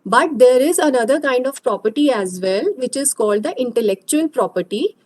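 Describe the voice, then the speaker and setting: A woman giving an online lecture over a video call, explaining slowly and hesitantly. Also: sits high, lively intonation, darkish tone, low-quality recording.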